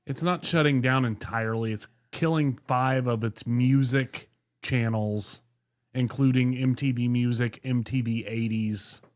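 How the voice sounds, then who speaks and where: A man's voice: medium pitch, fairly even intonation, unhurried. Dry, skeptical man on a podcast. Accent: Oklahoman. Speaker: podcast co-host. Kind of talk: casual banter.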